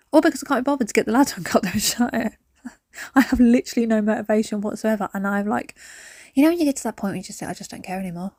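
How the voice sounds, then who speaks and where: A woman's voice: a little high, no room sound, clean studio sound. A woman, chatting through a cleaning vlog at home, rambling between stories and sudden whispered asides. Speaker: cleaning vlogger. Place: at home, indoors.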